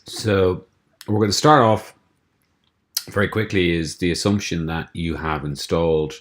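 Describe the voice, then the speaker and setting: A man from a theme company walking through a screencast tutorial, explaining steps in a relaxed way with frequent ums and restarts. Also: low-pitched, measured pace. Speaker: theme developer giving a tutorial.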